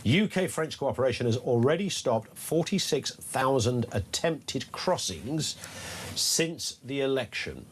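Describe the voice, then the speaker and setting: Male talk host, wry and joking, middling pitch, faint noise behind. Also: expressive, measured pace. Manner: wry, jokey, mock French accent asides. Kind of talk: casual opinion chat.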